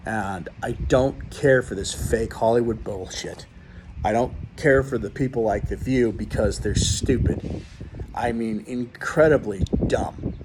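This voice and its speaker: A man hosts his own show, ranting bluntly and rambling at his viewers with many restarts. He has a mid-range voice, and there is noise in the background.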